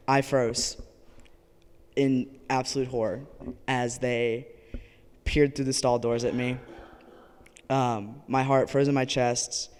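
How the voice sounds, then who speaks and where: A man's voice: mid-range voice, darkish tone, clear, resonant tone, in a large hall. A young man telling a personal story live on stage, earnest with wry asides. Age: young adult.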